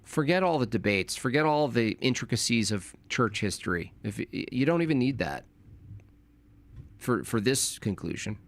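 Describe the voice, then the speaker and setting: A man's voice: medium pitch, animated, moderate pace. A young man talking casually on a live stream, rambling and correcting himself, with informal slang.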